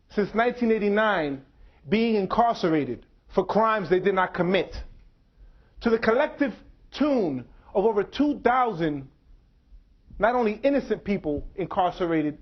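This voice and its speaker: A man in his forties giving a public lecture, speaking in measured phrases with dramatic pauses. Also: high voice. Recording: dull lo-fi lecture recording.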